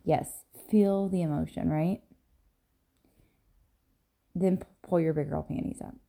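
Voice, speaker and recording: A woman's voice: low-pitched, steady tone, unhurried, gravelly, dark tone. A woman hosting a casual solo podcast, talking candidly and a little rambling, with many ums and "right?" tags, tired and yawning in the early morning. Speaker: podcast host and business coach.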